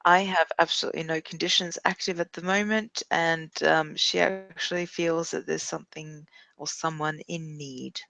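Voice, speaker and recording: A woman's voice: low-pitched, fairly even intonation, moderate pace, vocal fry, few pauses, sharp tone, no echo. A woman playing a tabletop role-playing game, describing her character in a wry, matter-of-fact way. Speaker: player.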